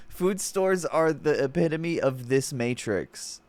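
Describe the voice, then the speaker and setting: A man's voice: fairly high pitch, a little slow, hardly any pauses, a little mellow, no room sound. A man streaming casual reaction commentary, mocking and swearing freely, laughing often between remarks.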